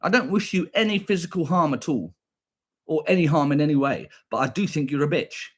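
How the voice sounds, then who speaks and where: A man's voice: a little high, lively intonation, brisk. A young British man with a combative, profane manner, ranting back at viewers on a stream and repeating his points.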